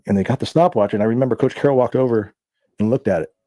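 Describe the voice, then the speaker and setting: Fast-talking man swearing through his stories. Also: mid-range voice, no room sound. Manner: profane, animated anecdotes with laughs. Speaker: guest. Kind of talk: casual storytelling.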